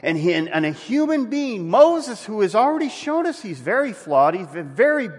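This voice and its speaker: A man preaching in a church, his voice lifting and falling in lively swings as he acts out the people he quotes. His pitch sits a little above average for a man, and a long church-hall reverb trails each phrase. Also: normal speed. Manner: animated preaching, voicing quoted speakers. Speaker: pastor. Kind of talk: sermon.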